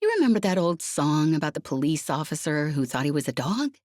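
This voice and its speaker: A woman's voice: low voice, sing-song, a little fast, darkish tone, dry recording, studio quality. A woman reading an audiobook, voicing a bold, grinning young woman leading a crew. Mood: cocky.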